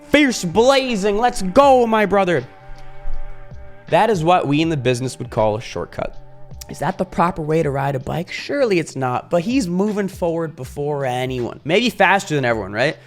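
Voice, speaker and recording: A male YouTuber talking in a casual vlog monologue, animated, swearing freely and acting out little scenes. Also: a little high, brisk, faint music behind.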